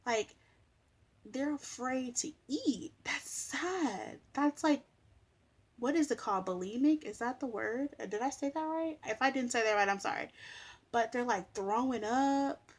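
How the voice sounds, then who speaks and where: A woman's voice: fairly high pitch, normal speed. A woman vlogger in casual chat to camera, rambling with lots of filler words. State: sleepy.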